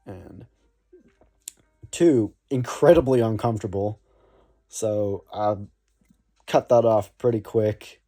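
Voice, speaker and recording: A man's voice: lowish voice, slow pace, long pauses, dark tone. A young man from North Florida, telling a rambling, laid-back story about playing saxophone. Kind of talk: casual storytelling vlog.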